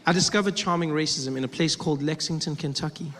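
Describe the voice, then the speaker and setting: A man's voice: on the high side, fast talker. A man performing stand-up comedy, telling a story and slipping into put-on voices. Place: comedy club stage. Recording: roomy live stage reverb with audience noise.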